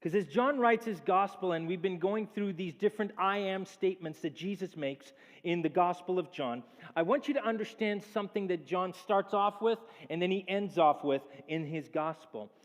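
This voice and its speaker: Male pastor with a high voice and an animated sermon delivery, recorded with long church reverb. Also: normal speed. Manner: animated preaching, acts out quoted speech. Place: church sanctuary.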